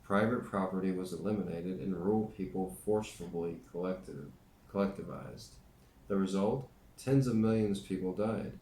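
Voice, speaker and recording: A man with a very low voice reads a nonfiction book aloud, breaking off now and then for dry, joking remarks. The room rings around him with a noticeable echo, and faint noise sits underneath. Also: normal speed, dark tone. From United States. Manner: dry joking asides between read passages. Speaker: reader and teacher.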